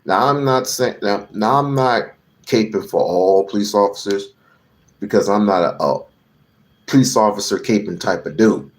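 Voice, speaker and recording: A man's voice: on the low side, normal speed. A man giving a heated political rant to camera, profane and emphatic, hammering on repeated phrases. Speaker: political commentator.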